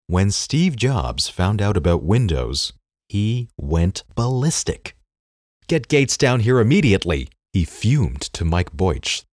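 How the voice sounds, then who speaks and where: Deep, husky male memoir narrator. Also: dry recording, studio quality. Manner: expressive storytelling with acted quotes. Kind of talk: first-person memoir narration read aloud.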